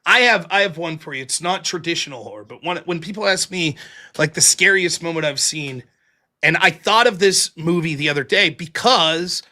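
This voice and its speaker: High, bright-voiced male podcast host. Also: normal speed. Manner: animated storyteller, swears freely. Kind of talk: casual chat.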